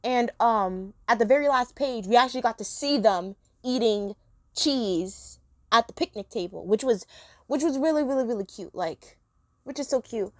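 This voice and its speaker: A woman's voice: fairly high pitch, lively intonation, normal speed, no echo, clean studio sound. Chatty woman gushing over a cartoon. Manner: chatty, gushing, rambling with many fillers. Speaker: cartoon episode reviewer. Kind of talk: casual review monologue.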